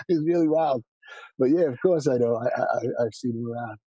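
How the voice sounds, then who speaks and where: A man from New York, a musician guest in a casual interview, telling stories quickly with lots of restarts. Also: medium pitch, husky, no echo, lo-fi sound. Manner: fast, animated storyteller with many restarts.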